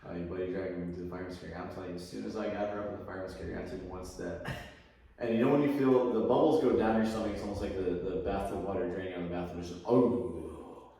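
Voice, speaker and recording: A man, a podcast guest, telling a profane story in casual chat, acting out quotes loudly and animatedly. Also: low-pitched, steady tone, fast. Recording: very echoey room, far from mic, faint noise.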